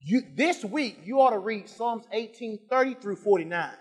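A male pastor preaching a sermon, dropping to quiet asides and rising to shouted emphasis, repeating phrases and drawing out scripture lines. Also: high-pitched, expressive, moderate pace. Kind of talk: preaching a sermon with call-and-response.

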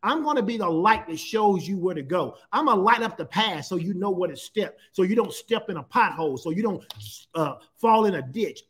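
A man's voice: sits high, fairly bright tone. A middle-aged man preaching a sermon as pastor, emphatic and repetitive, stretching key phrases.

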